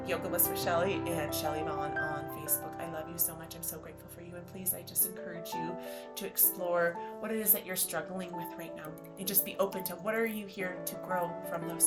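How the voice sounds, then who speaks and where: Effusive encouraging woman podcast host. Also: lowish voice. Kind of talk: motivational podcast monologue.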